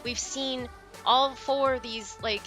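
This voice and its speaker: A woman's voice: high-pitched, steady tone, slow pace, fairly bright tone, faint music behind. A woman in her forties streaming, rambling in earnest casual chat, and sounding younger than her age. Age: 40s.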